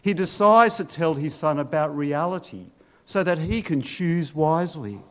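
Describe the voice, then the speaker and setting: A man's voice: a little high, lively intonation, normal speed. A middle-aged male pastor giving an earnest sermon and asking his listeners rhetorical questions.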